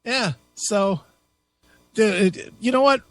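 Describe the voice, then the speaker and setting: A man co-hosting a late-night rock radio show, trading blunt, sardonic and profane banter with his partner. His voice sits clearly high for a man. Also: extremely slow, dry recording, soft background music. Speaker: radio co-host. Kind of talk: casual radio chat.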